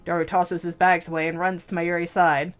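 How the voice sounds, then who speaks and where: Let's-play host, a woman, low-pitched, slow measured visual-novel narration. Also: level tone, faint music behind. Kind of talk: reading a visual novel aloud.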